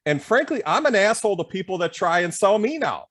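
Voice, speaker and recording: A man's voice: high voice, very animated, a little fast, fairly bright tone. A man hosting a podcast interview, a self-employed consultant talking bluntly and casually. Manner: blunt, conversational, swears casually.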